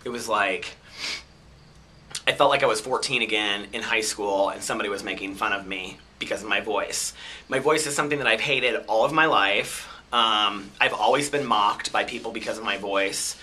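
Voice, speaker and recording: A man from the US Midwest with a soft, effeminate, twangy Midwestern American voice, talking in a candid, reflective personal vlog monologue. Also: lowish voice, normal speed. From Chicago, US Midwest. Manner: reflective and candid, chatty storytelling. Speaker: vlogger.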